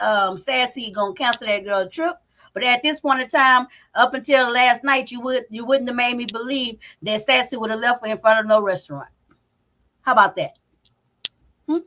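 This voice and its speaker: A woman hosting a live commentary stream from home, loud and profane, talking straight to her chat. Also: high voice, normal speed. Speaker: commentary channel host. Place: home, indoors. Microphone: not on camera, live stream mic.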